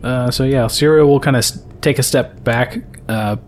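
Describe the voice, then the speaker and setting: A man's voice: medium pitch, moderate pace, slight background noise. Hesitant male player thinking aloud. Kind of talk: casual tabletop play.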